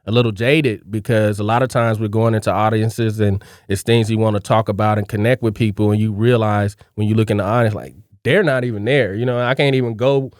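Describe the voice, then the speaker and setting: A man co-hosting a podcast, speaking in a measured, reflective way with frequent fillers. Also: lowish voice, fairly even intonation, a little mellow, dry recording, clean studio sound. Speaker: podcast co-host. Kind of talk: casual chat.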